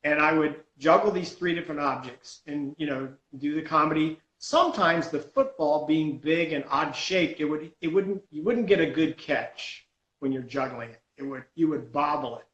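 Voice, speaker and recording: Animated man telling stories, echoey room. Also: fairly high pitch, normal speed, highs cut off. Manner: animated storyteller, laughs at himself. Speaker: stunt comedian guest. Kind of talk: casual storytelling on a podcast call.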